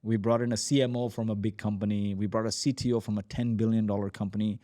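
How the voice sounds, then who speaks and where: A man in his forties tells his founder's story as a podcast guest, lively and animated, acting out the dialogue. His voice is mellow and dark in tone. The sound is dry and close. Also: lowish voice, fast, no room sound. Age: 40s. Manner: animated, acts out quoted dialogue. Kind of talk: energetic storytelling.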